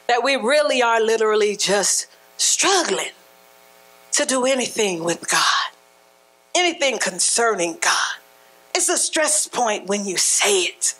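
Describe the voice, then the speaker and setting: Woman preacher, high-pitched, colloquial, punchy sermon delivery that swells to shouting. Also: breathy edge, poor audio. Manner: emphatic, rising to shouts, colloquial and conversational.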